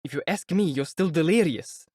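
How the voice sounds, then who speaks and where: A man's voice: on the high side, animated, normal speed, darkish tone, slightly rough, dry recording, studio quality, voice pushed up. A man voicing an earnest young police clerk who grows flustered, in an audiobook reading.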